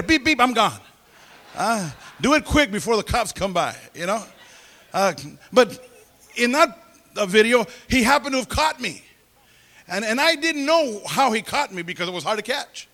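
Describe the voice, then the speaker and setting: A man with a high-pitched voice tells his testimony from the pulpit. He is animated, acting out the people he quotes and shifting between loud, pushing bursts and quieter, confiding asides. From California. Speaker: preacher giving testimony. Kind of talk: sermon testimony.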